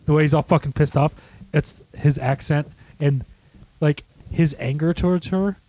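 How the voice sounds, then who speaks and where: A man co-hosting a podcast, chatting casually about a movie, animated and swearing, acting out quotes. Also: a little high, normal speed. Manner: animated, acts out quotes in shrieking voices, swears. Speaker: podcast co-host. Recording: dry close-miked home studio.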